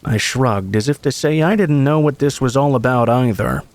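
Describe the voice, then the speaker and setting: A man's voice: medium pitch, normal speed. Man reading scary stories aloud. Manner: casual, friendly YouTube delivery. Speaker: host and story narrator.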